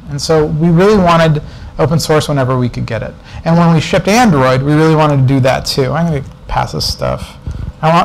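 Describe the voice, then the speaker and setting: A man's voice: on the high side, slight background noise, poor audio. A man speaking as a guest speaker at a developer meetup, telling a casual, digressive story with asides and jokes. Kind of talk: conference talk, anecdotal storytelling. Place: presentation room before an audience.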